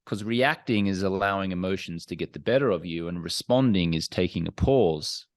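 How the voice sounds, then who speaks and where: A man speaking as a podcast guest, talking frankly and reflectively in a measured, self-examining way. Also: low voice, dry recording. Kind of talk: candid, reflective interview talk.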